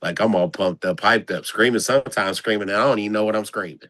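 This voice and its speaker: Low, dry male voice, coach in casual interview, slangy, repeats himself. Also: fast talker, no echo. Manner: animated, slangy, repeats phrases. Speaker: basketball coach.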